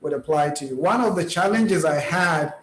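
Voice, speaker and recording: Calm guest guy on a zoom call, kinda higher voice, roomy echo. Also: moderate pace. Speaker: guest scholar. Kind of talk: casual talk on a video call. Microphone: video call. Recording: echoey room.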